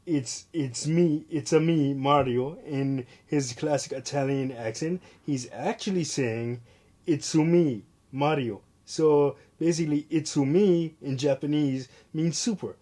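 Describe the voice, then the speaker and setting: A man with a mellow, dark-toned voice at an average pitch hosts his own retro game review show. He talks loosely and off the cuff, circling back on himself with fillers and restarts as he goes. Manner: rambling, with frequent fillers and restarts. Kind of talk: casual video review monologue.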